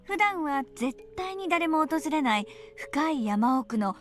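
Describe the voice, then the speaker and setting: An actress voicing a teenage girl from a Japanese game who calmly lays out a murder story in a soft, deliberate way. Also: sits high, over music. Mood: eerie teasing. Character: teen girl calmly spinning a murder tale.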